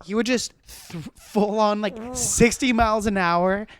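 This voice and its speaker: A man's voice: high-pitched, measured pace, clear, resonant tone, dry recording. A young man hosting a podcast, telling loose, profane stories in casual chat and laughing often. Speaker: podcast host.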